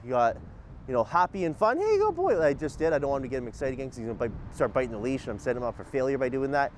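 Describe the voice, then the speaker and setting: A man gives casual dog-training tips outdoors while walking his dog, switching between upbeat and calm and issuing short commands. His voice is medium-pitched and very fast, with slight background noise.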